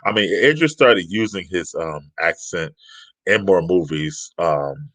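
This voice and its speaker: Laid-back male co-host, low voice, dry close mic, casual banter. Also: expressive, a little slow, a bit bright, no room sound. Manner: laid-back, agreeable, laughs often. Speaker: podcast co-host. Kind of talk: casual chat.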